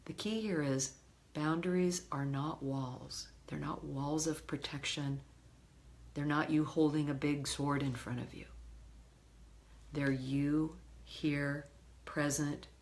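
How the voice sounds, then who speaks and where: A woman love coach teaching a session, calm and direct, with emphatic examples. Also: low voice.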